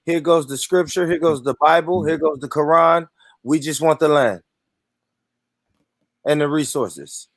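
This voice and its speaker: A man's voice: fairly high pitch, a little slow, pauses often, dry recording. An American man on a panel, confidently explaining in casual chat. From United States. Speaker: panel guest.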